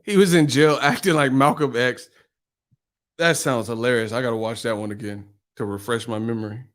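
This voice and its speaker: A man's voice: mid-range voice, a little fast, a bit bright. A male channel host in a casual live-stream chat, telling stories animatedly and laughing often.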